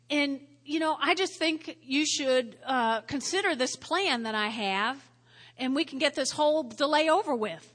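A woman preaching a sermon to a congregation, lively, acting out the voices of biblical figures. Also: sits high. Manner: animated, acts out voices of biblical figures with laughs. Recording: long hall reverb.

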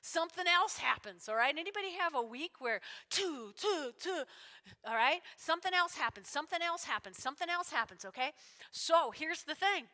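A woman preacher with a high, bright, forceful voice delivers an animated sermon, circling back to her points and asking "all right?" again and again. Her voice rings out with a long reverb, as in a large church sanctuary. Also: normal speed. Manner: animated, repeats lines, checks in with "all right?".

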